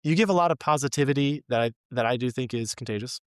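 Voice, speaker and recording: A man hosting a faith podcast wraps up an interview casually, warmly encouraging and addressing his listeners. His medium-pitched voice is quick, clear, and resonant, with clean, echo-free studio sound.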